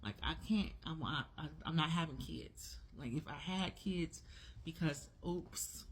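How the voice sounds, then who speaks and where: A woman's voice: deep voice, unhurried, slight background noise. A woman in her forties speaking in a casual opinion vlog, talking emphatically and repeating her key words. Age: 40s. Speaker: vlogger.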